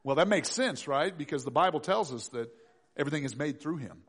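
A middle-aged man preaching a sermon, acting out voices and swinging from loud to hushed. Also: on the high side, lively intonation, fairly quick, slightly rough. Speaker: pastor.

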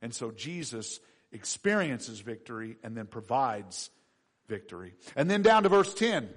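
A middle-aged man preaching a sermon, acting out voices and swinging from loud to hushed. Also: medium pitch, very animated, a little slow. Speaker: pastor.

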